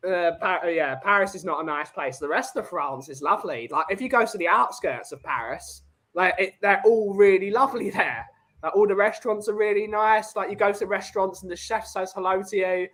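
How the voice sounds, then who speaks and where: High-voiced chatty British man. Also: a little fast, fairly bright tone. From Britain. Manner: chatty, agreeable, lots of "yeah". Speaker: podcast co-host. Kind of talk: casual chat.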